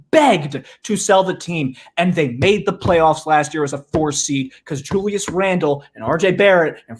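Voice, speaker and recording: Ranting Midwestern man on sports talk. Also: high-pitched. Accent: Midwestern American. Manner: ranting, impassioned, sarcastic. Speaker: sports show co-host.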